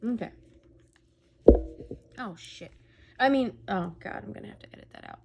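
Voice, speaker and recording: A woman's voice: medium pitch, expressive, moderate pace, gravelly, very noisy. A woman giving casual, rambling gameplay commentary as a let's play host, humming to herself between remarks. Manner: rambling, chatty, hums to herself.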